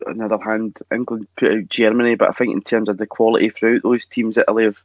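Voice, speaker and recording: A man co-hosting a casual football podcast, calm and unworried in his talk. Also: fairly low pitch, fast, dry recording, lo-fi sound. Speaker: podcast co-host.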